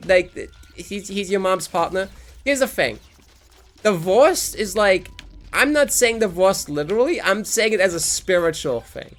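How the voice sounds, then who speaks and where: A man's voice: sits high, lively intonation, a little slow. A man in his twenties rambling through casual, profane commentary while live streaming a game.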